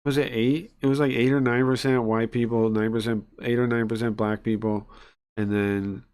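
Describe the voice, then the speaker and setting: A man's voice: mid-range voice, level tone, moderate pace, darkish tone, smooth. A man casually reacting to a video, indignant and rambling, often repeating himself.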